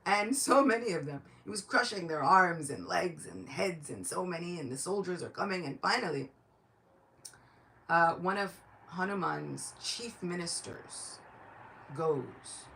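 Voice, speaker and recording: A woman's voice: low-pitched, fairly bright tone, a little hiss or hum. Chatty woman telling a devotional story. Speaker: devotional lecturer. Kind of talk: storytelling lecture.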